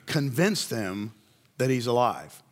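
Man, preacher, sermon, conversational storytelling, middle pitch, asks the listeners questions. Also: big pitch swings, slow.

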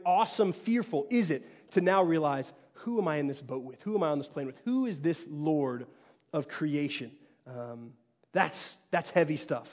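A man from Texas preaching a sermon, telling the story with animated energy and tossing in frequent "right?" asides. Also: fairly high pitch. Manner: animated storytelling, acts out quotes, rhetorical "right?". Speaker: pastor. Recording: hall reverb, dull lo-fi sound.

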